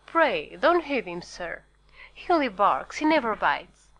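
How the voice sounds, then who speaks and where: A woman's voice: medium pitch, big pitch swings, unhurried, a bit bright, exaggerated voice, rough recording. A woman reading an audiobook, voicing a fawning, eager-to-please male innkeeper who talks in an effusive, apologetic rush.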